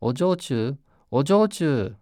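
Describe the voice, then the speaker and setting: A man voicing a kind grown man who gently pleads and later gasps in terror. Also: medium pitch, lively intonation, slow, dry recording, studio quality, pitched above the performer's own voice. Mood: gentle pleading. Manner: pleading, then panting and gasping.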